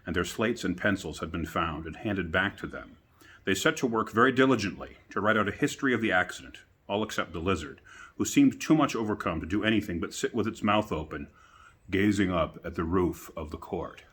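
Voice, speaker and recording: Male storyteller, low voice, relaxed bedtime reading with chatty asides, recorded outdoors. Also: fairly quick.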